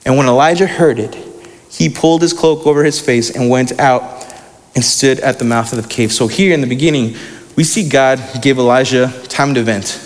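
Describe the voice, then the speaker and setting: A man's voice: mid-range voice, brisk, big-room sound. A young man preaching a sermon in a casual, slangy way, reading scripture aloud between asides.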